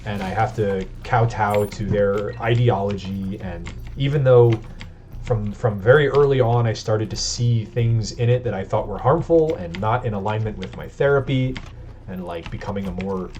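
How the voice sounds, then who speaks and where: A man's voice: lowish voice, background noise. A man hosting a let's play, talking in a rambling, confessional way with restarts and laughs, recorded on a webcam mic. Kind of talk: candid gameplay commentary. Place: home computer setup. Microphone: built-in webcam microphone. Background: keyboard clacking and faint game music.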